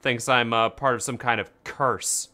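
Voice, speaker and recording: A man's voice: mid-range voice, steady tone, unhurried, sharp tone. A man playing a game with friends, reading on-screen text aloud with stumbles, laughter and swearing. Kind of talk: casual let's-play chat.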